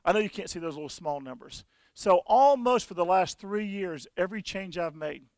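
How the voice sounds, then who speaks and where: A man presenting at a conference and demoing software, telling folksy stories with frequent restarts. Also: sits high, lively intonation, moderate pace, no room sound. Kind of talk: conference talk with software demo.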